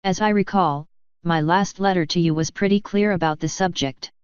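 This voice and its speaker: A woman's voice: fairly low pitch, fairly even intonation, normal speed, clear, resonant tone, dry recording, muffled recording, lightly acted. A woman voicing a cold, formal princess ruler in a fan fiction audiobook.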